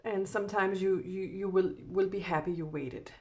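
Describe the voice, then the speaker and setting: A woman giving a casual spiritual card reading, meandering along with frequent soft laughs. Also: mid-range voice, steady tone, moderate pace. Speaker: oracle card reader.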